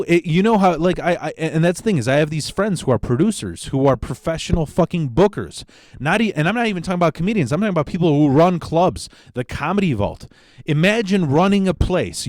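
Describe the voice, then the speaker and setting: A comedian from the Chicago area talks through his own podcast in a loose, profane monologue, jumping into excited outbursts. His voice sits at a middling pitch for a man. The sound is dry and close. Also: no room sound. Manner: profane, animated storytelling with sudden excited outbursts. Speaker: podcast host and stand-up comedian. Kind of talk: casual solo podcast monologue.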